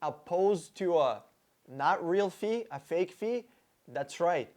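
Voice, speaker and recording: A man's voice: high-pitched, expressive, takes it slowly, darkish tone. A man hosting a car-buying video, reacting to an interview clip with blunt, profane sarcasm and mock emotion.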